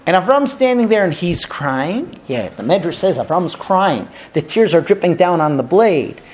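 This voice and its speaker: A man telling a Torah lesson to a group outdoors, animated and full of rhetorical questions. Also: high-pitched, moderate pace. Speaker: Torah teacher guiding a group. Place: outdoors at a holy site.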